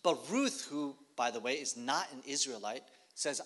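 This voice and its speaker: A man preaching, telling a story in short phrases and pausing for an interpreter. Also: mid-range voice, lively intonation, a bit bright. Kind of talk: sermon with live interpretation.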